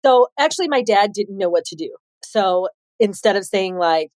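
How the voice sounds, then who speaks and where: A woman in her forties from Chicago, telling her life story as a podcast guest, animated and laughing often as she acts out quotes. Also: medium pitch, normal speed, few pauses, no room sound, studio quality. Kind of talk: candid storytelling interview.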